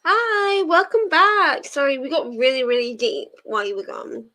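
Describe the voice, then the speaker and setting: A woman's voice: sits high, normal speed, sharp tone. A woman hosting a casual reading livestream, chatting with viewers, giggly and full of fillers. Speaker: livestream host of a reading sprint.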